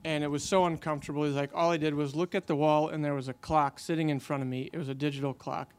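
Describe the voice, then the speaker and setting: A man's voice: a little high, little pitch movement, fast, smooth. A man telling a long faith story in casual conversation, animating the quotes he tells, with many fillers.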